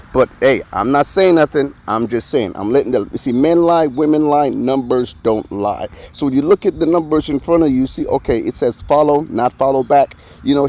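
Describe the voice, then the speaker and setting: Casual commentator, male, mocking rant, slightly higher voice, faint outdoor noise behind. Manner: profane, animated, mocking.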